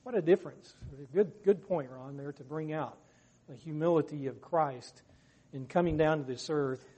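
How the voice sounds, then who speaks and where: A man with a somewhat high, husky voice leads a Bible study discussion. He speaks earnestly and rises in pitch and volume when he acts out quoted speech. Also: moderate pace, a little mellow. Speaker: discussion leader.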